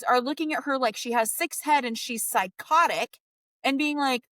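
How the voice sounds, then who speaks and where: A woman's voice: high-pitched, very animated, moderate pace, fairly bright tone, no echo. A woman marriage coach giving direct, emphatic advice to husbands in a podcast monologue.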